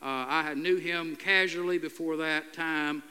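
An older man, a pastor, preaching a sermon in a halting, earnest storytelling way with many "uh" fillers. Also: fairly high pitch, steady tone, bright, forceful tone, clean tone. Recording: long hall reverb.

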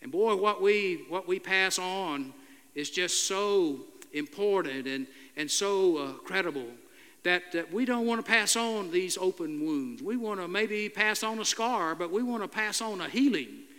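Older pastor preaching in an echoing hall. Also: male voice, high-pitched, bright, forceful tone. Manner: halting, earnest storytelling with frequent "uh" fillers. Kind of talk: sermon. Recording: long hall reverb.

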